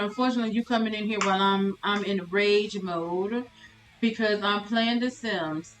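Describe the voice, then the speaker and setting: A woman's voice: medium pitch, fairly even intonation, moderate pace, fairly bright tone, echoey room, faint music behind, low-quality recording. A woman streamer commentating a life-sim game live, exasperated and laughing as she talks to her chat.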